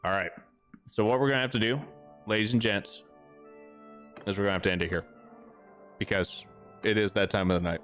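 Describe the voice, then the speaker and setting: A man's voice: medium pitch, a bit bright. A man hosting a livestream, rambling and joking crudely while he plays. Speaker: livestream host. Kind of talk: casual gaming commentary.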